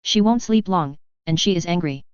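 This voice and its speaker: A woman voicing a small, anxious male house elf with a high-pitched, pleading voice. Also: normal speed, smooth, dry recording, dull audio, natural voice. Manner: pleading, distraught.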